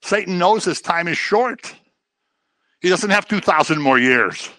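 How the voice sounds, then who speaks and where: Man, middle-aged, Bible study teacher, chatty, repeats himself for emphasis, bright voice, dry close sound. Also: expressive, a little slow, no echo. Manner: conversational, repeats phrases for emphasis; acts out quoted voices in a low mocking tone.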